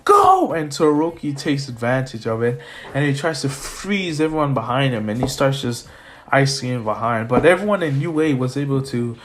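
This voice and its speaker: A man's voice: medium pitch, brisk, slight background noise. A man casually narrating an improvised fan story, rambling with many fillers. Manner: rambling, filler-heavy, laughs often.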